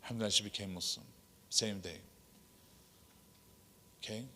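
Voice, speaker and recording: Guy imam telling a story, bright voice, acts out the back and forth, big hall echo. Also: lowish voice, moderate pace. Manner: animated storyteller acting out dialogue. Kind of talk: workshop talk with storytelling. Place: mosque hall. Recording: long hall reverb.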